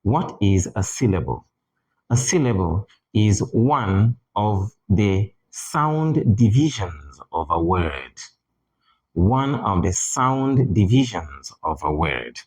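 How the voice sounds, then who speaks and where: A man teaching English pronunciation in a deliberate manner, repeating key words for emphasis. English is not his first language. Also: on the low side, big pitch swings, darkish tone, breathy edge, rough recording. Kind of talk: spoken lesson.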